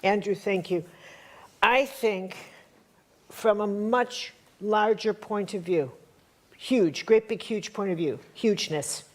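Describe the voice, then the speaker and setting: A woman from the Chicago area holds forth at a live workshop in a blunt, streetwise way. She hammers her points home by saying them again and again, in a voice of ordinary pitch. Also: slow pace. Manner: emphatic, repeats lines for punch, blunt and streetwise. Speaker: workshop teacher. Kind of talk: live spiritual workshop talk. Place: workshop hall with an audience.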